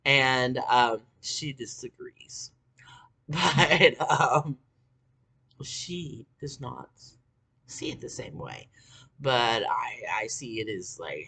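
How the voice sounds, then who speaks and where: A vlogger in their forties delivers a casual monologue, ranting bitterly with lots of swearing and fillers, slowly, with a breathy edge, swinging between low mutters and shouts.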